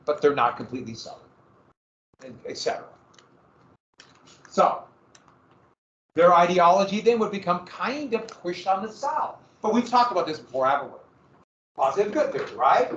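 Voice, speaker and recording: A man lecturing a history class, his voice a bit higher than most. He talks casually, asks questions back at the class and often restarts his sentences. The recording sounds roomy and a little dull. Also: a bit bright. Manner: conversational, rhetorical questions, frequent self-corrections. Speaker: history teacher.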